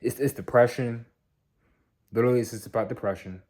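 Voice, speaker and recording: A man's voice: medium pitch, fairly quick, darkish tone. Tired young man rambling a review. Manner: rambling, repeats and restarts words. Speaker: movie reviewer. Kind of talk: casual rambling movie review.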